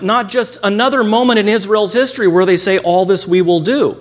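A man's voice: high voice, brisk, few pauses. A man teaching a lecture on scripture, reading quotations aloud and adding ironic asides. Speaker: Bible teacher.

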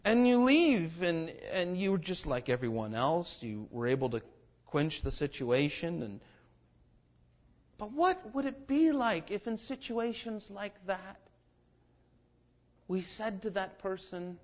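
A pastor preaching a sermon, shifting between hushed passages and forceful declarations. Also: male voice, high-pitched, very animated, slow pace. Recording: dull lo-fi sermon recording.

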